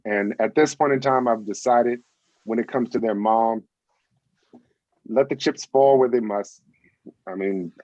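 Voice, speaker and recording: A man's voice: fairly low pitch, darkish tone, dry recording, dull audio. A man as a guest on a casual video-call chat, speaking earnestly with wry asides.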